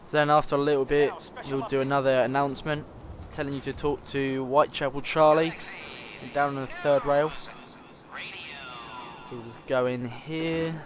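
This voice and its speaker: A man's voice: medium pitch, little pitch movement, moderate pace, crowd noise. A British man giving casual, chuckling commentary over a video game walkthrough. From Britain. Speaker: gaming host. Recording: game audio with gunfire.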